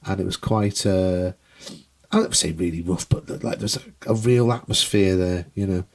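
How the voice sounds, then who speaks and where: A man on a casual podcast, telling animated stories and acting out the people in them, with a free hand for swearing. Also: deep voice, normal speed. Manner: animated storyteller who acts out the people in his stories, swears freely. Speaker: guest comedian and musician.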